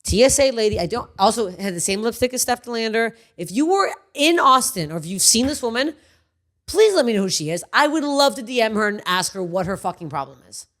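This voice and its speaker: A woman in her thirties hosts a casual podcast chat, her voice swooping through a wide, lively range. She tells stories with big energy, breaks into voices for the people in them, and swears freely. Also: fairly high pitch, brisk. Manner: animated storytelling, acts out people's voices. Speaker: podcast host.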